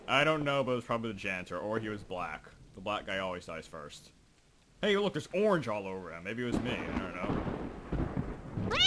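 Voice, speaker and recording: A man's voice: lowish voice, heavy background noise. A young man giving casual, rambling commentary while playing a video game, reading game text aloud and joking at himself. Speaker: gaming video host. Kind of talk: casual let's play commentary. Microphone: desk microphone.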